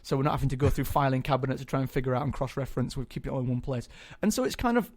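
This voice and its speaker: A young man talking casually as an interview guest, chatty and hesitant, filling pauses with ums. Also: medium pitch, a little mellow. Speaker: guest actor.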